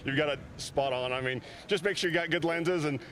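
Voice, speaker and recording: A man being interviewed at a snowy mountain top just after his run, out of breath and talking fast and gratefully. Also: fairly high pitch, rough recording. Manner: fast, excited, grateful talk. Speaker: racer interviewed at the summit. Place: snowy mountain summit outdoors.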